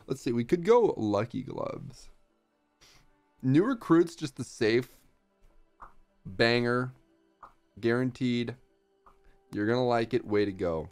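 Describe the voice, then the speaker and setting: An excitable young man chats through his own gameplay, cracking playful asides as he thinks out loud. His voice swings widely in pitch, and faint background music plays behind him. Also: slow pace, vocal fry, pauses often. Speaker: streamer. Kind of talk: casual gameplay commentary.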